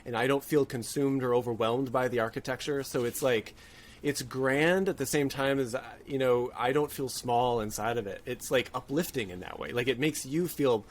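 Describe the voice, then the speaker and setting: Guest voice: man, mid pitch, casual podcast chat, thinks aloud and restarts sentences. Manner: thoughtful, halting, with frequent restarts.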